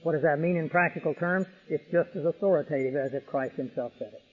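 Husky preacher man on tinny radio. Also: fairly high pitch, fast talker. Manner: emphatic, vivid illustrations. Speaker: pastor. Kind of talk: expository sermon. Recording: tinny radio broadcast with long reverb.

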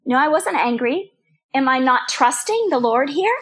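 Older female Bible teacher, high pitch, earnest personal sermon delivery. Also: lively intonation, normal speed, a bit bright. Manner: earnest, personal, repeats phrases for emphasis.

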